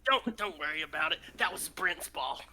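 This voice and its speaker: A man voicing a boastful, playful little boy who talks quickly and eagerly in a tabletop game. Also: a little high, expressive, creaky, pushed and bright, a little hiss or hum, heavily acted. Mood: dismayed.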